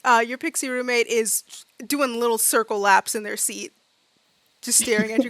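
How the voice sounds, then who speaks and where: A woman narrating as game master, chatting loosely with lots of fillers and acting out quick bits of her characters. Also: on the high side, lively intonation, bright, forceful tone, no echo. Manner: chatty, many fillers, acts out side characters.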